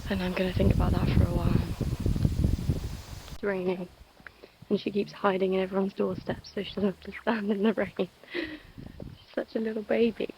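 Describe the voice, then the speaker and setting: A young woman chatting casually in a vlog, soft, giggly and confiding. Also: mid-range voice, normal speed, long pauses, a little hiss or hum, rough recording. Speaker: vlogger.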